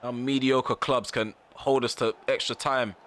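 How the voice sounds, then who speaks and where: A man's voice: medium pitch, fairly even intonation, a little slow, fairly bright tone, a little hiss or hum. A man commentating live over his football video game, ranting in frustration and repeating himself in slangy phrases. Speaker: gaming YouTuber.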